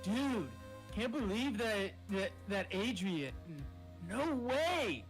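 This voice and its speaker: A man's voice: high-pitched, big pitch swings, takes it slowly, soft background music, voice pushed up, full character voice. A man voicing a laid-back young male surfer dude, reading game dialogue aloud with slangy drawl. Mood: stunned.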